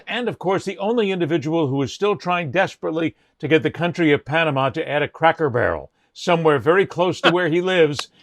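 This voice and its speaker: A man's voice: fairly high pitch, no echo, studio quality. A man hosting a sports talk show with theatrical, grandiose announcer flourishes.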